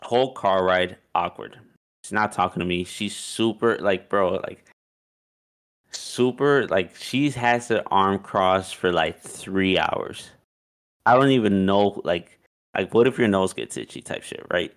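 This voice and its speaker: A young man tells a story casually in a low, slightly slow voice. His delivery is loose and profane, and "like" turns up in almost every line.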